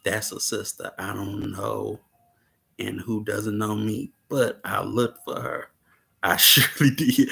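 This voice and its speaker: A man's voice: mid-range voice, animated, takes it slowly, gravelly, sharp tone. A man hosting a casual livestream about a film, laid-back, laughing often and chatting with viewers. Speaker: host discussing a film.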